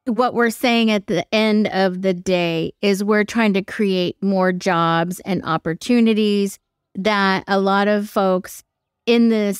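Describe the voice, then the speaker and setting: A woman hosts an interview podcast with a smooth, clear voice of middling pitch. The sound is close and dry, and she speaks in an engaged, affirming way. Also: no echo. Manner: engaged, affirming, thinks aloud. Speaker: podcast host. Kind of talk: conversational interview.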